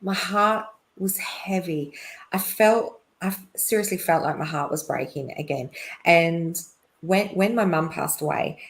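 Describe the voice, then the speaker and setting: A middle-aged woman, a podcast guest, telling a personal story in a chatty way, with lots of fillers and quick laughs. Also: low-pitched, creaky. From Australia. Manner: chatty, laughs often, many fillers and restarts.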